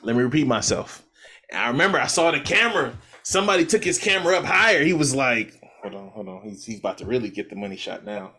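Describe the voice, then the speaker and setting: A man's voice: mid-range voice, quick pace. A man co-hosting a casual podcast chat, laid-back and full of slang, recapping news for listeners. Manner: animated, laid-back slang, quotes others. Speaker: podcast co-host.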